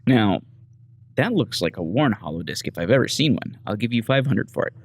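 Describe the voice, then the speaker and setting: A man's voice: fairly low pitch, very animated, brisk, gravelly, husky, no room sound. A man giving casual let's-play commentary, chatting through dialogue choices and reading menu items aloud. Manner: casual, reads menu text aloud, muttering asides. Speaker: gameplay host.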